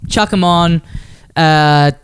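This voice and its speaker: Smooth-voiced man casually chatting on a podcast. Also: on the high side, slow pace. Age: adult. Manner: relaxed, swears casually, lots of fillers. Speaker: podcast co-host. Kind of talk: casual chat.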